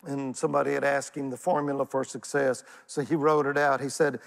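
A man with a Texan accent preaching a sermon as pastor, folksy and animated, calling on the congregation to answer back. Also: mid-range voice, a little fast, gravelly, few pauses. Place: church sanctuary. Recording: church hall reverb.

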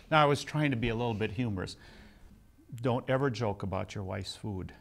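Gravelly older man lecturing. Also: medium pitch, moderate pace. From United States. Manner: conversational, anecdotal, self-deprecating humor. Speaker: seminary lecturer. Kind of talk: classroom lecture with personal stories.

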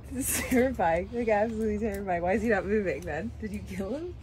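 A woman talking fast and excitedly in casual chat, laughing in disbelief. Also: mid-range voice, slight background noise.

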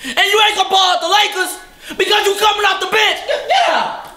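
A man impersonating a loud, cocky basketball star who trash-talks his teammates in a very high, bright voice with lively swings. He yells constantly, and the echo of a bare room rings around him. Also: fairly quick, heavily acted. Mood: angry. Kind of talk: comedy sketch. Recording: echoey room.

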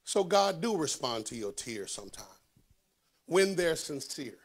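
A man preaching a sermon, swinging between loud rises and low hushed asides. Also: sing-song, unhurried, husky. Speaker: pastor.

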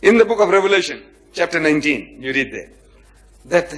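A man lecturing an audience on religion, emphatic and repetitive, with rhetorical questions and slow chanted phrases. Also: a little high, sing-song. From India, raised in South Africa. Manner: chants phrases slowly, swings from soft to loud.

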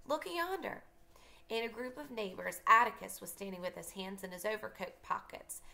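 Bright-voiced woman reading aloud. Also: medium pitch, brisk, gravelly. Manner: stops to explain passages to students. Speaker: teacher. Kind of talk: reading a novel aloud for a class.

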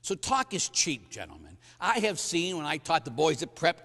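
A middle-aged male priest preaches with a fairly high voice that swings widely up and down, hammering his points with sudden loud bursts. His sermon rings with long reverberation through a large hall. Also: huge pitch swings, normal speed, few pauses. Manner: emphatic, acts out stories with bursts of loud emphasis. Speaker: Catholic priest. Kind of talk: sermon to men.

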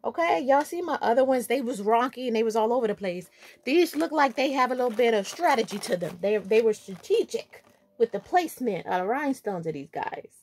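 A woman's voice: a little high, expressive, a little fast, darkish tone, a little hiss or hum. A young woman vlogger gushing and chatting playfully while unboxing shoes. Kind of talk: casual unboxing vlog.

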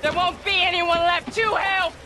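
A woman's voice: very high voice, level tone, moderate pace, a loud crowd. An actress voicing a weary young woman trapped with her family, urgent and pleading, then bitterly resigned, heard as game audio. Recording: game audio mixed under a commentator.

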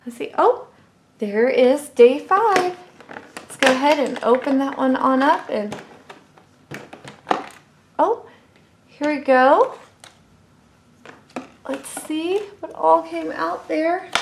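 A woman's voice: sits high, animated, takes it slowly, pauses often, a little mellow. A woman, hosting a toy unboxing and gushing cheerfully over small toys. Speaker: toy channel host.

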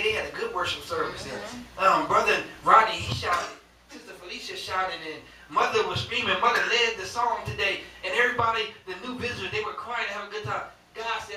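A man preaching a sermon to a congregation that answers him, rising at times to shouts. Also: high voice, a little fast. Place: church. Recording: echoey church, distant mic, faint hiss.

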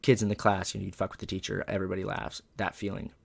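Young man, comedian, gravelly low voice, profane rambling storytelling. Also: completely flat delivery, racing. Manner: loose, profane, rambling with many fillers. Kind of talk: casual storytelling interview.

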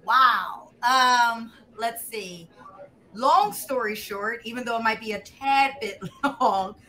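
A woman's voice: a little high, takes it slowly, pushed and bright. A woman in her thirties with a Philadelphia accent, telling her story as an interview guest in a candid, easygoing way and laughing easily. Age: 30s. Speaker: guest, producer and director.

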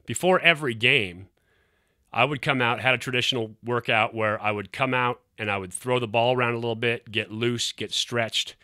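A man's voice: mid-range voice, moderate pace, dry recording, clean studio sound. A middle-aged man, a former quarterback hosting his show, telling a story casually and acting out the quotes. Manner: animated, acts out quotes.

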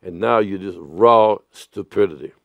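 A male pastor delivers a sermon in a slow, deliberate way, circling back over his phrases and now and then bursting out loudly. His voice has a gravelly, creaky edge. The recording is dry and close. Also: low voice, no echo, lo-fi sound. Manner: earnest preaching with sudden loud outbursts.

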